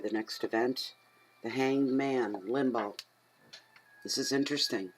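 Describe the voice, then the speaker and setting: In a low-quality recording, a middle-aged woman from Atlantic Canada does a casual, chatty tarot reading at home in a rumbling low voice. She rambles, speaks to herself, and is quick to get excited.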